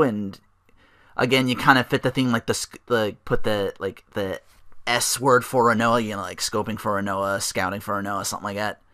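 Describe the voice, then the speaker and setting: A man's voice: fairly low pitch, steady tone, moderate pace, sharp tone, clear, resonant tone. A man hosting a solo podcast, rambling casually with lots of fillers and restarts. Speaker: podcast host.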